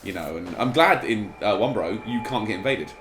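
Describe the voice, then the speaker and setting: A man's voice: on the low side, lively intonation, moderate pace, fairly bright tone, echoey room, a little hiss or hum, poor audio. A man hosting a gameplay stream, chatting casually and rambling while he plays. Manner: rambling, distracted while playing. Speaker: gaming streamer.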